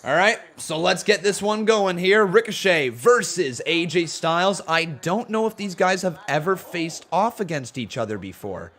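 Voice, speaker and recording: A man hosting a live wrestling watch-along, chatting casually and getting excited at big moments. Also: sits high, normal speed, few pauses. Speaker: live stream host.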